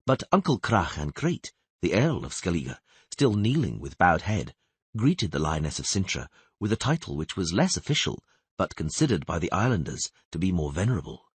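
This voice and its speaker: A man narrating a fantasy audiobook in steady, expressive storytelling. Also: sits low, normal speed, breathy edge, dry recording. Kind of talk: scripted narration.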